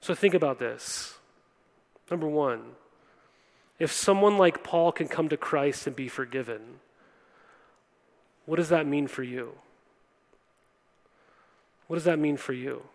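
A man's voice: fairly high pitch, takes it slowly, gravelly, pauses often. Earnest preaching man in a reverberant hall. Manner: earnest, direct address with frequent "right?" asides. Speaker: pastor. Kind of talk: sermon.

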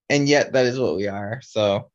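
Young male podcast co-host, rambling casual chat, mid pitch, lo-fi sound. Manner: rambling, many fillers and restarts. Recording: slightly dull lo-fi audio.

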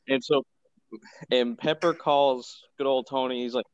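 A man's voice: medium pitch, steady tone, measured pace, clear, resonant tone, dry recording. Rambling man on a muffled computer mic. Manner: rambling, laid-back storytelling with filler words. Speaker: podcast co-host. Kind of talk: casual chat recapping a cartoon episode. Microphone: home computer mic on a video call.

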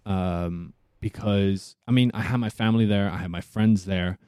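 A man's voice: deep voice, normal speed, mellow, clean tone, no room sound, studio quality. A young man from South Africa, an actor, talking casually and rambling as an interview guest. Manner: rambling, thinks aloud.

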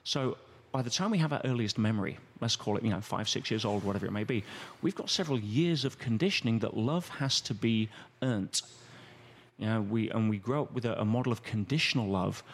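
A man's voice: fairly low pitch, brisk. Man explaining with acted-out quotes. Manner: animated, acts out quoted voices. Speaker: guest. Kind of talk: conversational explanation.

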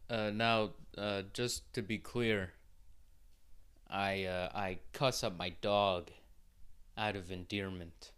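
A man's voice: on the low side, steady tone, takes it slowly, a bit bright, slight background noise. A young man hosting a solo podcast, rambling casually with lots of swearing and filler words. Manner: rambling and profane, full of fillers. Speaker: podcast host.

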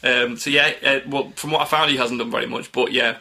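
A man co-hosting a podcast in easygoing conversation. His voice is bright and a little tense, sitting at a middle pitch, and he laughs often and trails off as he thinks. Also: steady tone, a little fast, gravelly. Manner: chatty, laughs often, trails off mid-sentence. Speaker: podcast co-host. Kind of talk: casual chat.

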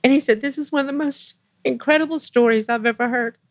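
A woman's voice: high voice, fast, no room sound. Earnest older woman telling her story. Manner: earnest, emotional, quotes others in lively voices. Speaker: interview guest. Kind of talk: emotional personal storytelling.

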